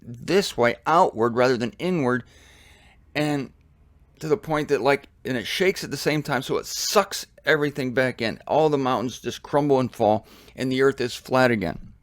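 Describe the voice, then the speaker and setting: Animated American man teaching the Bible. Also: mid-range voice, moderate pace, no room sound. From United States. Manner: casual and animated, with asides and chuckles. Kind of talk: conversational Bible study teaching. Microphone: studio mic with headphones.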